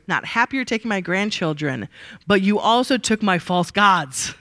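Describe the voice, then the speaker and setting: A woman leads a Bible class in a relaxed, talky way. She keeps tossing questions out to the group. Her voice sits at a middling pitch and sounds close and dry. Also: moderate pace, no room sound. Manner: lively, asks the audience rhetorical questions. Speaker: Bible study teacher. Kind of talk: conversational Bible teaching. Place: room with a live group.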